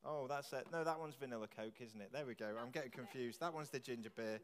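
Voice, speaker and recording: A man leading a church service, jokily quizzing the congregation with quick questions. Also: mid-range voice. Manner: jokey, chatty, quizzing the audience with quick questions. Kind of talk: playful all-age talk with the congregation. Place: large church with long reverb. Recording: echoey church from a distance.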